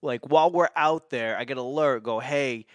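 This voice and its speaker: A man's voice: mid-range voice, a little fast, no echo. Man, casual storyteller: rambling, laughing and profane, with a mid-range voice and a dry, close sound. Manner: rambling, laughing, with frequent swearing and restarts.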